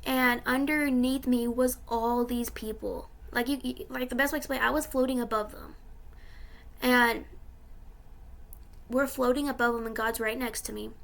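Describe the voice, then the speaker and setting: A woman's voice: fairly high pitch, steady tone, normal speed, vocal fry. A young woman vlogger telling about a dream in a casual, rambling way, full of fillers, tearful and emotional.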